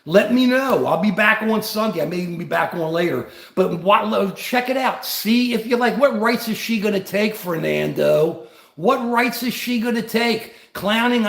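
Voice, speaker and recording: An emotional man hosts a livestream, talking back to viewers by name and pushing his points again and again, sometimes at a yell. His voice sits high and swings widely, with a gravelly rasp. The sound bounces around a roomy space. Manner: emphatic, repetitive, answers chat viewers by name; yelling at times. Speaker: livestream host. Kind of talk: impassioned political livestream rant. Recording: roomy echo.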